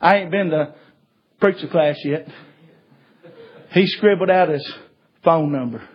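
Husky preacher, high voice. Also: male voice, a little slow. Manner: swings from hushed to shouting, folksy. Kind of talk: sermon storytelling. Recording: dull lo-fi recording.

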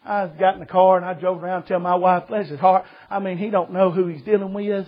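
A man's voice: sits high, steady tone, a little fast, few pauses, lo-fi sound. A man, preaching a folksy, joking sermon to a church congregation and calling his listeners brother. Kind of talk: humorous storytelling sermon. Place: church service.

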